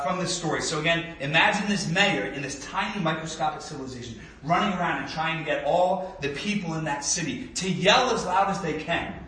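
Pastor, man, 30s, relaxed conversational sermon with fillers, bright tone, distant mic in a reverberant church. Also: on the high side. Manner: conversational, with frequent fillers and restarts; animated storybook reading voice. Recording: echoey room, speaker away from mic.

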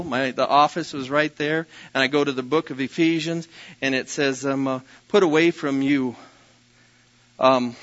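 Bright-voiced man preaching a sermon. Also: medium pitch. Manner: storytelling, self-deprecating, rises to loud bursts. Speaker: pastor.

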